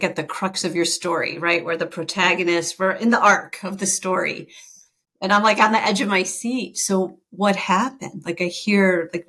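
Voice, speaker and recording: A woman's voice: on the low side, a bit bright. A woman coach interviewing, reflecting the guest's feelings back with empathy.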